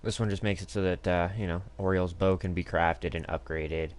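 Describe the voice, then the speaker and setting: A gaming streamer with a deep voice and steady tone speaks at a moderate pace as he plays live. His casual commentary is crude, profane and rambling, packed with fillers.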